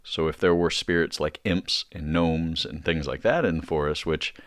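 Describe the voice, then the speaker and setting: Deep-voiced rambling man, dry sound. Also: steady tone, moderate pace, no room sound. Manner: rambling, many fillers and restarts. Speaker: podcast guest. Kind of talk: casual podcast chat.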